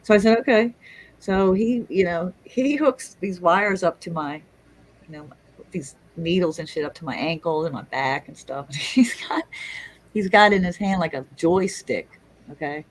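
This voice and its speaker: A middle-aged woman telling a story in casual chat, lively and swearing, acting out the people she quotes. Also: lowish voice, measured pace, low-quality recording. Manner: animated, swearing, acts out quotes. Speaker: guest storyteller.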